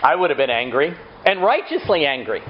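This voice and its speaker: A man's voice: fairly high pitch, big pitch swings, a little fast, highs cut off, soft background music. A man preaching a sermon, asking rhetorical questions and acting out quotes. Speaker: pastor.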